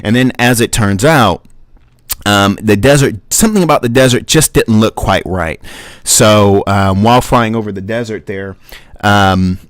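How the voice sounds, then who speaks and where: A man hosting a livestream, reading his own travel story and then chatting about it in a relaxed, rambling way. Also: lowish voice, unhurried, dry recording. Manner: relaxed storytelling with fillers and chuckles. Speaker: livestream host and flight sim reviewer.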